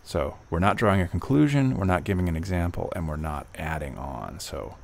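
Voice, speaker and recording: A man tutoring test prep, reading passages slowly and then reasoning aloud through each answer with fillers and restarts. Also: low-pitched, animated, vocal fry, a little mellow. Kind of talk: walkthrough of test questions, thinking aloud.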